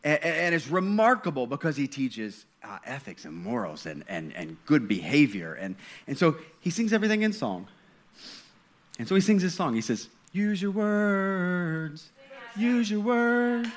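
A man's voice: medium pitch, very animated, moderate pace. A man preaching a sermon in a conversational style, stumbling and restarting, then building to fervent passages. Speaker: pastor.

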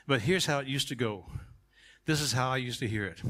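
Bright-voiced man preaching a sermon. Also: mid-range voice, fairly quick. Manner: emphatic, swings from quiet asides to shouted climaxes. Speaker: pastor.

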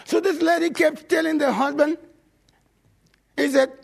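A male pastor telling stories in a sermon, animated and swinging from loud bursts to low asides. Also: unhurried, gravelly. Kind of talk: sermon storytelling.

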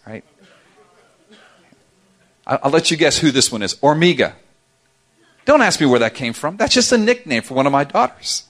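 A middle-aged man preaching a sermon as a pastor, telling stories with playful asides. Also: medium pitch. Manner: animated storytelling with playful asides.

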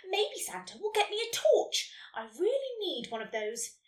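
A woman voicing an excitable young girl narwhal who wails and shouts. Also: normal speed, exaggerated voice. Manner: high, excitable. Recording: roomy echo, distant mic.

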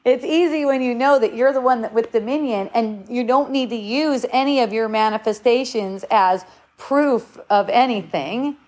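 A woman's voice: on the high side, moderate pace, a little mellow. A middle-aged woman speaks in a slightly raised voice, in a loose, rambling spiritual talk. She circles back, repeats words, and now and then acts out what others said to her.

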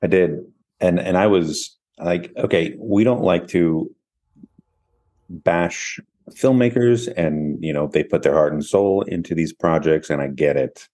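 A man with a notably low voice co-hosts a casual movie review podcast. He chimes in with short, eager remarks and enthusiastic praise as the talk goes on. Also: unhurried, mellow. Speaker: podcast co-host, film reviewer.

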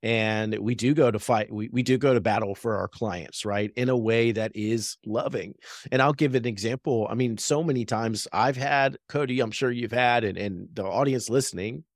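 A man's voice: mid-range voice, normal speed, no room sound, clean studio sound. Earnest man telling a story on a podcast. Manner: earnest storytelling, frequent "right?" tags. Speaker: real estate agent and podcast co-host. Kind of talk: casual faith-based business podcast chat.

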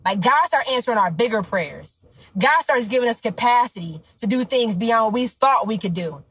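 Husky high-voiced woman coach hyping her audience. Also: animated, normal speed, a bit bright, rough recording. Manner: emphatic, preachy, slangy. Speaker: business coach. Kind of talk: motivational talk to her audience.

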